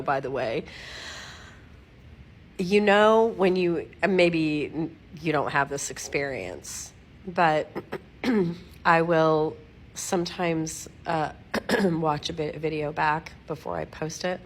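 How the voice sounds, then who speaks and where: A middle-aged woman at home giving a casual, rambling video update, giggling at herself, digressing often and clearing her throat. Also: low voice, slow pace, slight background noise. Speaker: vlogger updating followers. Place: at home, lying against her dog.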